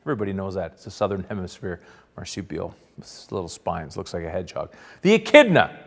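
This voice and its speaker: A man telling a rambling, boastful comic anecdote in a deadpan mock-documentary style, now and then bursting into loud quoted shouts. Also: low-pitched, fast talker, gravelly, in a large hall. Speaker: comic storyteller.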